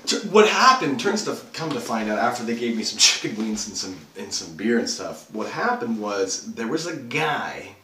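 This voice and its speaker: Brief: male actor as a rattled, profane young guy who rambles and restarts, lively swooping pitch, distant mic in a roomy echo. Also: normal speed, few pauses, slight background noise. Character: rattled, foul-mouthed young man telling a story. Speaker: actor performing a monologue. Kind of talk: self-written dramatic monologue.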